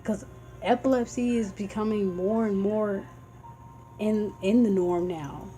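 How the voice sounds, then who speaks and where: A woman's voice: mid-range voice, steady tone, measured pace, warm tone, poor audio. A woman vlogging in a casual, earnest and heartfelt way, rambling a little as she explains warning signs. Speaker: vlogger raising epilepsy awareness. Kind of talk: casual informative vlog. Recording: faint background music.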